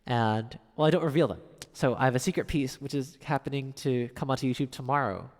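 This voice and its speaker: This man streams piano and talks casually, reading viewer messages aloud and responding. His mid-range voice is a little mellow and fairly quick, trailed by long reverb.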